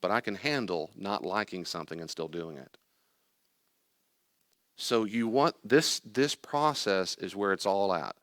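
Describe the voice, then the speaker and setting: A man's voice: low voice, unhurried, no echo, studio quality. Emphatic older man teaching a group. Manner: emphatic, acts out anxious and calm inner voices. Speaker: teacher leading a class on anxiety. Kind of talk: lively teaching talk to a group.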